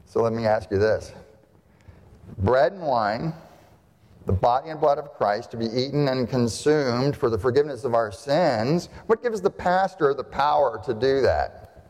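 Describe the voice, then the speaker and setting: A man's voice: medium pitch, expressive, a little slow, a little mellow. Male pastor preaching in a reverberant church. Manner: conversational, asks rhetorical questions, frequent "right?". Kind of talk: sermon. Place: church sanctuary. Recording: long reverb of a church hall.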